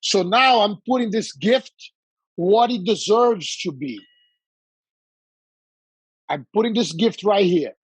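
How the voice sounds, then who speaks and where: A man from Brazil with a Brazilian accent, telling lively anecdotes in casual chat with quoted dialogue. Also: sits high, takes it slowly, pauses often, slightly rough, no room sound, rough recording.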